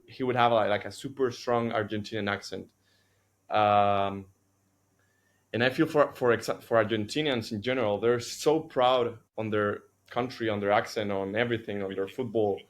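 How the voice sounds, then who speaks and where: Chilean man with a lowish voice. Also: fairly even intonation, moderate pace. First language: Spanish. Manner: earnest, thoughtful, with frequent restarts. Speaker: podcast co-host. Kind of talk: casual chat.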